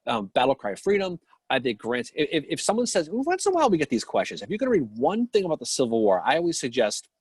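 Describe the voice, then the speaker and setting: A Boston-accented man rambling through a casual chat, his pitch jumping up and down. His voice is a little husky and sounds dry, close to the mic. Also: fast, hardly any pauses, no room sound. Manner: animated, rambling, lots of restarts. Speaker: podcast co-host.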